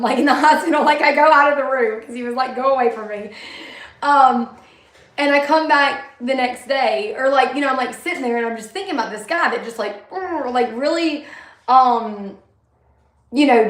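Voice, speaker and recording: A woman's voice: fairly high pitch, fairly bright tone. Blunt woman in an echoey room. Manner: candid, blunt, swears freely, many fillers. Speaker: vlogger sharing her story. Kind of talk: casual personal storytelling, talking to viewers.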